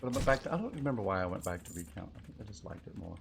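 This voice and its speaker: A male streamer talks through his game session in an easy, wandering way. His pitch swings up and down as he chats, and a faint hiss sits under his voice. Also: very animated, racing, vocal fry. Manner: chatty, rambling, thinks aloud. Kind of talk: live gameplay commentary.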